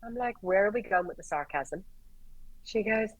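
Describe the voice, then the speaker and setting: An Irish woman, a paramedic guest, telling stories in a lively way, swearing and acting out the dialogue. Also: mid-range voice, moderate pace, no room sound, poor audio. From Ireland. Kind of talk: animated storytelling in conversation.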